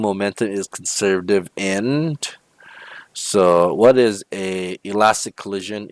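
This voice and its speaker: This homework walkthrough lesson features a male physics teacher with a low voice, solving problems step by step and regularly checking in with "okay?" and "right?". The recording has no echo.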